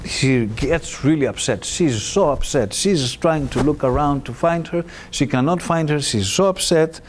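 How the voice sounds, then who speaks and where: Male lecturer, slow, animated myth teller, faint hiss. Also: a little high. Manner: animated, halting with fillers. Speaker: presenter.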